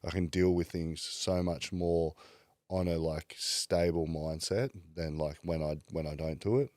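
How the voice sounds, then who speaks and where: A man's voice: sits low, fairly even intonation, measured pace, darkish tone, no echo, clean studio sound. A man, a podcast guest telling his life story in a casual, candid way, full of fillers and swearing. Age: 30s.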